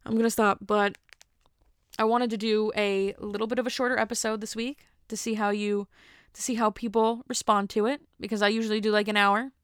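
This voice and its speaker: Woman, podcast host, casual solo monologue, chatty and rambling, self-mocking, smooth clear voice, dry close sound. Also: mid-range voice, level tone, fairly quick, dry recording.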